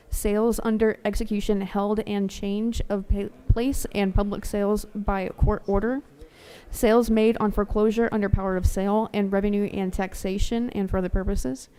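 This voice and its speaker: A woman serving as senate secretary, reading legislative text aloud in a steady formal way. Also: mid-range voice, normal speed, clear, resonant tone.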